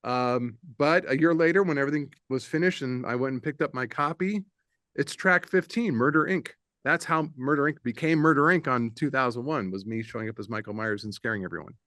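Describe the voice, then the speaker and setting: A man's voice: mid-range voice, brisk, no echo. Middle-aged man telling studio anecdotes. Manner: animated anecdote-teller, laughs often, slips into voices for others. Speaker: guest, producer and audio engineer. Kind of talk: casual interview storytelling.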